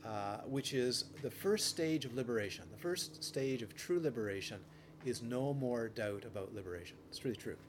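A man teaching meditation in a relaxed dharma talk, telling anecdotes with frequent restarts and playful quoted voices, with faint noise behind. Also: medium pitch, normal speed.

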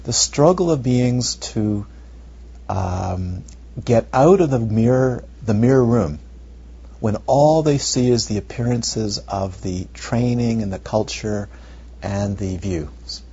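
A male meditation teacher giving a dharma talk, animated and rhetorical, sometimes dropping to near whispers, on a muffled recording. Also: fairly low pitch, slow pace, husky. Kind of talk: dharma talk to retreat students. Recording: muffled lo-fi recording with faint noise.

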